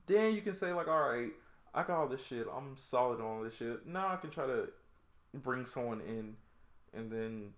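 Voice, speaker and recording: Ranting young Atlanta man, bright voice. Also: medium pitch, lively intonation, normal speed, reverberant. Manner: loose, ranting, slangy, tells stories with quoted voices. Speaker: podcast co-host. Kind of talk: casual chat.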